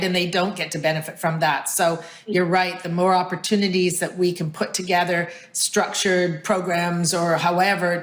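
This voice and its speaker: A woman's voice: on the low side, reverberant. A woman hosting an interview, responding earnestly and affirming her guest. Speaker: interviewer, host. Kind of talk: interview conversation.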